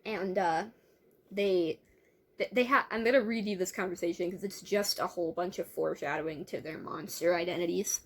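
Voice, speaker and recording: A woman's voice: on the low side, normal speed, slightly rough. A young woman reading a novel aloud and commenting on it, chatty and wry, often stumbling and correcting herself. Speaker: book reader and reviewer. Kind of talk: casual read-aloud with asides.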